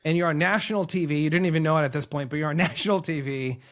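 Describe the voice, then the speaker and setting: A man with a slightly high voice hosts an interview. He talks in an admiring way, with restarts as he hunts for the right words. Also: racing, a bit bright, slight background noise. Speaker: podcast host. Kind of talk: interview questions.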